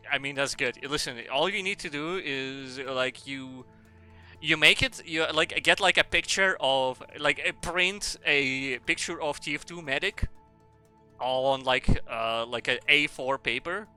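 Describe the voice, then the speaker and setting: Male streamer, sweary rambling chatter, very bright voice, faint music behind. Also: mid-range voice, measured pace, smooth. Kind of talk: casual chat while gaming.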